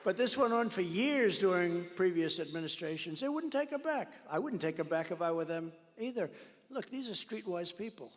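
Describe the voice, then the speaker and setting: A man's voice: high-pitched, lively intonation, moderate pace. A man in his seventies giving a boastful rally speech, telling stories and acting out the dialogue. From United States. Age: 70s. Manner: boastful storytelling with acted-out quoted dialogue. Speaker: politician at a campaign rally. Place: large campaign rally venue. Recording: long reverb of a large rally venue.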